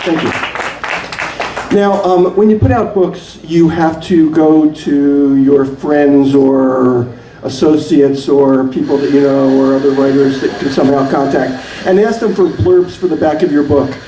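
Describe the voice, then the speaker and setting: A man's voice: on the high side, fairly even intonation, unhurried, mellow, echoey room, distant mic, slight background noise, low-quality recording. A man giving a live poetry reading in a coffee shop, hesitant between poems and dry in his humor. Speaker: poet reading his work.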